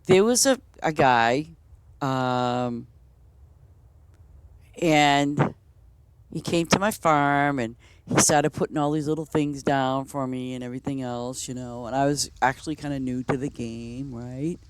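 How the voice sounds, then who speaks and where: A woman's voice: very deep voice, a little slow, clean tone, no echo. A woman game streamer chatting casually and telling rambling stories, full of "you know" and restarts. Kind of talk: casual storytelling chat.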